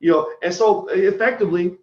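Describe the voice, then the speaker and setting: A man's voice: high voice, fairly quick, darkish tone, roomy sound, muffled recording. A man giving a blunt, profane, heated monologue on a livestream. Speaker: commentator.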